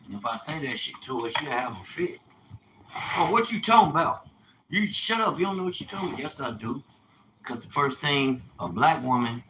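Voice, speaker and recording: A man's voice: lowish voice, pushed and bright, a little hiss or hum. Profane, preachy man in an echoey room. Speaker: vlogger. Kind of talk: unscripted monologue.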